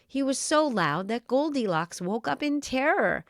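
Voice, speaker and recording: A woman reading a children's story aloud in an expressive, animated storytelling manner. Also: high voice, moderate pace, few pauses, dry recording, studio quality.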